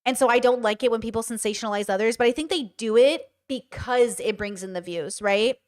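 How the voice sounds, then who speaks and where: A woman's voice: a little high, fairly quick. A woman hosting a livestream, chatting casually about a video with lots of fillers and restarts. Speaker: streamer host.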